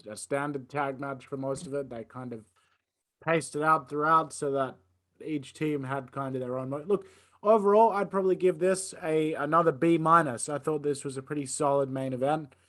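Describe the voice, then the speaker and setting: A man co-hosting a casual review chat, speaking in a measured, hedging way. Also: a little high, a bit bright. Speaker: podcast co-host.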